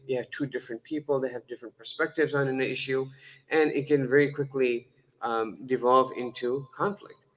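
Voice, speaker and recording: An Islamic lecturer with a medium-pitched voice gives a lecture-style sermon in a conversational, humorous way. He uses frequent fillers, often restarts words and corrects himself, and acts out dialogue with changing voices. There's a little hiss or hum, and the audio is poor.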